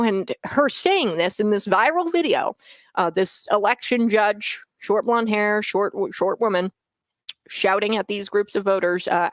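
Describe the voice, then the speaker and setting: A woman's voice: mid-range voice, dry recording. A woman hosting a political talk show, getting heated and repeating phrases for emphasis. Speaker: talk radio host. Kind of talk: opinionated political commentary.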